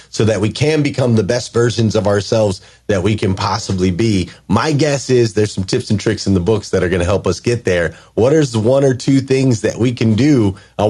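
A male interview host with a fairly low, husky voice. He affirms what his guest says and strings together long questions with several parts. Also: darkish tone. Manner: affirming, asks long multi-part questions. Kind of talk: conversational interview.

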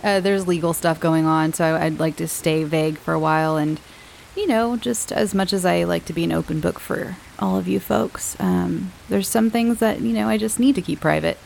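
A woman hosting her own podcast, chatting casually and warmly to her listeners with fillers and little laughs. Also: on the low side, moderate pace, creaky, a little hiss or hum, rough recording. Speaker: podcast host. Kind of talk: casual chat.

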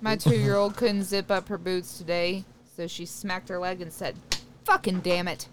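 A mother in a casual podcast chat, telling quick, profane anecdotes. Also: on the low side, fairly even intonation, a little hiss or hum.

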